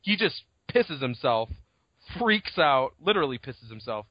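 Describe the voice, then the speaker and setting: A man co-hosting a casual book podcast, retelling the story in an animated way, swearing freely and laughing often. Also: medium pitch, unhurried, no echo. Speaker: podcast co-host. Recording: dull lo-fi dry recording.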